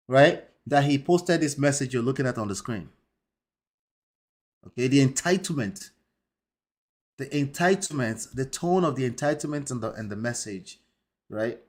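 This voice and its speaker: Emphatic male commentary host. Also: a little high. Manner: emphatic, peppers points with rhetorical "right?".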